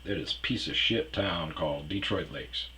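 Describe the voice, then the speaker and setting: A man's voice: sits low, normal speed, sharp tone, slight background noise, low-quality recording. A man telling a rambling personal story in a casual, profane way, trailing off with fillers. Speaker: storyteller host.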